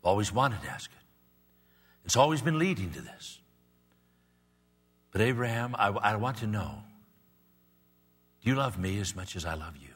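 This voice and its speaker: A man's voice: fairly low pitch, very animated, moderate pace, long pauses, fairly bright tone, slightly rough. Earnest preacher in his sixties. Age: 60s. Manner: earnest, repetitive, building to emphatic peaks. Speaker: pastor. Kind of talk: sermon. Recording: long reverb of a large hall.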